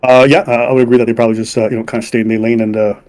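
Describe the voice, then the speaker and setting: A man from Montreal hosting a casual interview, relaxed, with many fillers and easy laughter. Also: mid-range voice, rapid-fire. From Montreal, Canada. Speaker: podcast host.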